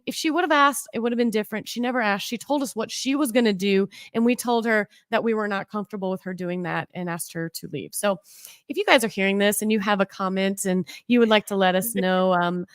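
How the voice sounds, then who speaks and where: A woman co-hosting a casual chat podcast, talking fast and loose with lots of "like" fillers. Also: medium pitch, dry recording, studio quality. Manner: chatty, many fillers like "like". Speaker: podcast co-host.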